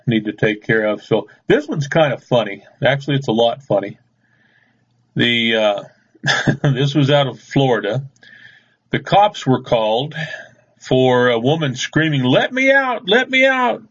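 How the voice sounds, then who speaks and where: A man's voice: medium pitch, slightly rough, muffled recording. A man hosting a radio show, rambling through news stories in a folksy, casual way and chuckling at his own stories.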